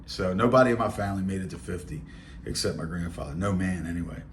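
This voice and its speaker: Baltimore man near fifty, low voice, blunt streetwise storyteller with a faint hiss behind him. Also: fast. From Baltimore, Maryland. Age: 40s. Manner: blunt, streetwise, rambling with fillers and asides. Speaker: podcast host. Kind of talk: casual storytelling monologue.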